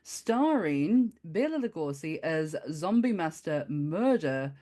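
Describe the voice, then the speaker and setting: A woman co-hosting a podcast in a casual chat, lively and quick to laugh. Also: low-pitched. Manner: lively, laughs often, exclaims. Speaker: podcast co-host.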